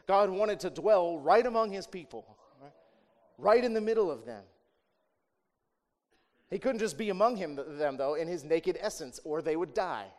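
A man preaching a sermon in a conversational way, asking rhetorical questions and tagging lines with "right?", swinging between emphatic raised passages and quiet asides. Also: high-pitched. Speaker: pastor.

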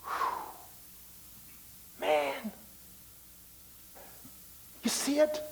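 A man preaching a sermon as pastor of his church. He delivers loud declarations and drops into hushed asides. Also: very high-pitched, huge pitch swings, slow, vocal fry, long pauses.

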